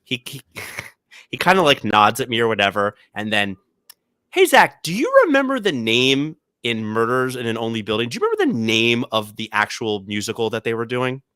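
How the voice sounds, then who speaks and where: Podcast guy telling a wild story, bright voice, bounces all over in pitch, dry close sound. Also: fairly quick, clean tone, no echo. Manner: animated storyteller, jumps into quoted voices. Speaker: podcast co-host. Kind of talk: casual chat. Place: podcast studio.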